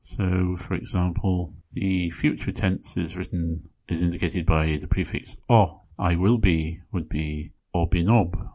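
A man hosting a podcast, explaining pronunciation and grammar in a measured way and spelling words out letter by letter. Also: sits low, darkish tone. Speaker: podcast host. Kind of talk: scripted language lesson.

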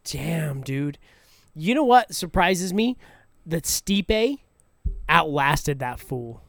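Animated guy bantering about fights, voice jumps around, dry sound. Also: a little high, very slow, creaky, no echo. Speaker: podcast co-host. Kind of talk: casual chat watching fights.

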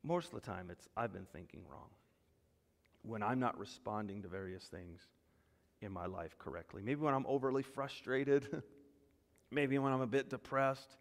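Male pastor, mid pitch, emphatic preaching in a church hall with long reverb. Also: moderate pace, gravelly. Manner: animated preaching, rising loud when voicing God's words. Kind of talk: sermon.

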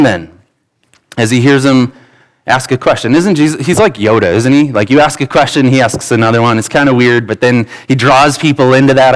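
A man's voice: medium pitch, poor audio. A pastor in his thirties preaching a sermon in an earnest, conversational way, with asides and restarts.

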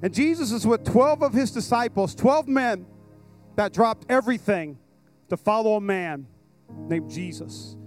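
High-voiced, excited young-sounding pastor. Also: male voice. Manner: excited and casual, with slang and asides to the congregation. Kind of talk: lively sermon at a church service. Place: church service in front of a congregation.

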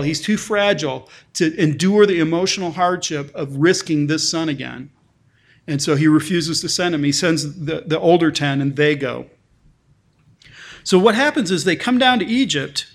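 Guy pastor giving a sermon, kinda high voice, talks casual w lots of restarts. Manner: conversational, frequent restarts and repeated words; reads scripture passages aloud with lifted emphasis.

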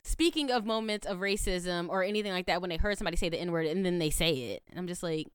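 A young adult woman co-hosting a podcast, talking in blunt, profane, animated casual chat. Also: on the low side, quick pace, clean tone, dry recording, clean studio sound. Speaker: podcast co-host.

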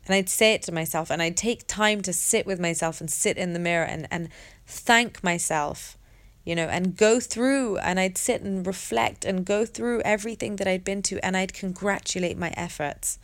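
A woman sharing a personal story in a candid monologue, reflective and halting, with many restarts and fillers. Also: mid-range voice. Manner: earnest and open, swears casually.

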